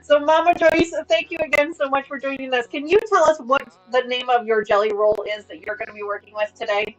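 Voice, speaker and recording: A woman's voice: high voice, steady tone, fairly quick, highs cut off, soft background music. A woman in her thirties hosting a casual sewing livestream from home, chatty and upbeat as she explains her work. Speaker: livestream host.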